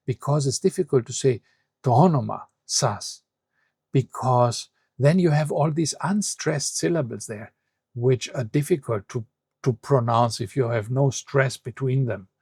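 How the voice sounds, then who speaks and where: Gravelly, husky-voiced male language teacher. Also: medium pitch, a little mellow, no echo, studio quality. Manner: patient, reads phrases then translates and explains. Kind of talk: explanatory lesson.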